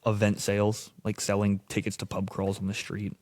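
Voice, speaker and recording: A man's voice: lowish voice, a little fast, no room sound. A young American man in his twenties, a podcast guest telling casual, profane stories in a studio. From United States. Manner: casual, profane, animated storyteller. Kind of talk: casual storytelling.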